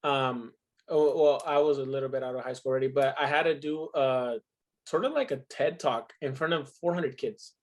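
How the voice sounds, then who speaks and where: A man's voice: medium pitch, fairly even intonation, moderate pace. A man in his twenties in casual podcast chat, telling stories emphatically and swearing freely. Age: 20s. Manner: profane, emphatic storytelling.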